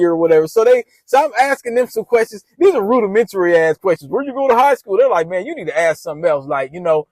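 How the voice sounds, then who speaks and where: A man's voice: high-pitched, no echo. A man casually retelling a personal story in loose slang, often restarting his sentences.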